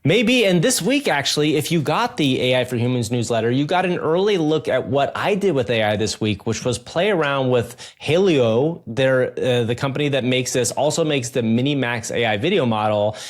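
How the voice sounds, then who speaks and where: A man's voice: medium pitch, animated, moderate pace, few pauses. A man co-hosting a podcast, talking in an enthusiastic, chatty way with lots of "like". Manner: enthusiastic, chatty, many fillers like "like". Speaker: podcast co-host. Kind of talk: casual chat.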